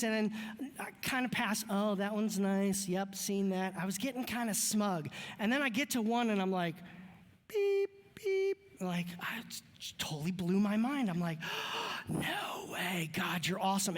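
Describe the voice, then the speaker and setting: Brief: male pastor, fairly high voice, loose joking sermon style, long church-hall reverb. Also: a bit bright. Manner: joking, conversational, chatty asides. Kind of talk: casual sermon. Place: church sanctuary.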